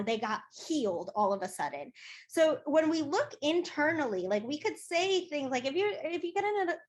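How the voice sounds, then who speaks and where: A woman guest speaking as a coach in a casual interview, earnest and chatty with many fillers. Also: on the high side.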